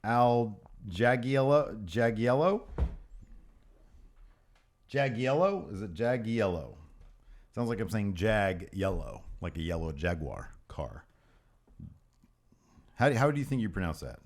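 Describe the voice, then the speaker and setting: Man, low voice, swinging pitch, playful podcast co-host, casual livestream banter. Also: moderate pace, pauses often. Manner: joking, animated, sings snatches of songs.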